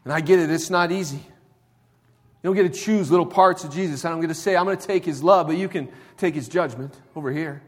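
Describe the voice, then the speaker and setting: Casting note: male preacher, slightly high voice, casual then emphatic delivery, long reverb of a sanctuary. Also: a little fast. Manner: conversational preaching, swinging from quiet to emphatic. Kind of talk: sermon.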